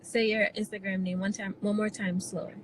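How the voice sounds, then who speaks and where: A woman hosting an interview show, asking questions in a measured, supportive way with frequent ums. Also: mid-range voice, level tone, a crowd in the background, low-quality recording. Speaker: show host. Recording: faint background noise.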